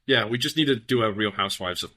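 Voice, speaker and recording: Bright-voiced joking male podcast co-host. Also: on the low side, fast. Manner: playful, joking, rambling with restarts. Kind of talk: casual chat.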